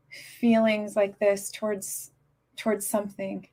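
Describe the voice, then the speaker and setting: A woman ranting on her live stream, upset and agitated, talking in halting bursts with lots of restarts and swearing. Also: fairly high pitch, flat delivery. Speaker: livestreamer. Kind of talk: casual live-stream rant.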